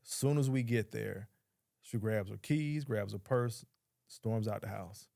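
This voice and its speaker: A man's voice: lowish voice, unhurried, gravelly, dark tone, dry recording, studio quality. A man, a podcast guest telling a story in a casual, blunt, profane way and quoting others as he goes.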